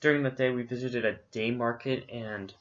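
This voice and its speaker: A man's voice: medium pitch, steady tone, moderate pace, a bit bright, highs cut off. A man co-hosting a casual travel recap, rambling along with many fillers. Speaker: co-host recapping a trip.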